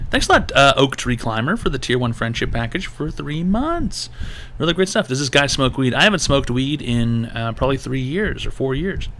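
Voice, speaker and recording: A man streaming his own advice show, talking in a crisp, forceful voice. He rants loosely and swears constantly, jumping from one thought to the next. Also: medium pitch, normal speed, slight background noise. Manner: profane, animated ranting. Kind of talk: live-stream call-in talk.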